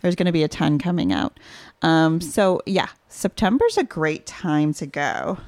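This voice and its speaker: A woman co-hosting a podcast with a slightly low voice, chatty and quick to giggle. Her voice is close and dry, with no room sound. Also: expressive, a little mellow, dry recording. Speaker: podcast co-host. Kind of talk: casual chat.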